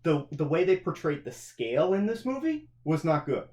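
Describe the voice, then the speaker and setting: A man's voice: a little high, sing-song, normal speed, warm tone. Male host for casual review chat; prods and concedes, roomy sound. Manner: prodding, conciliatory questioner. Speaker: podcast host. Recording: echoey room.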